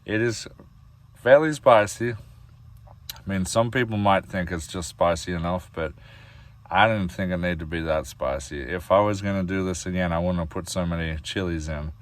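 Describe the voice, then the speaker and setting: A man's voice: sits low, moderate pace. An Australian man from Australia casually vlogging his cooking inside a camper van, rambling along with lots of fillers and calling his viewers guys.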